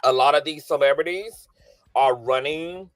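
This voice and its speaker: A sassy, flamboyant man lies in his bedroom hosting a casual gossip livestream, calling viewers honey and girl and greeting them by name. His voice is fairly high and his pace normal. The sound is dry and clean, like a studio.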